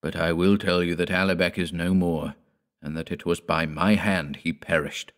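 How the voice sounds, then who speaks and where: A man voicing a cold, boastful old vampire patriarch in an audiobook, speaking slowly and wearily. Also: low voice, fairly even intonation, lightly acted. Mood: weary.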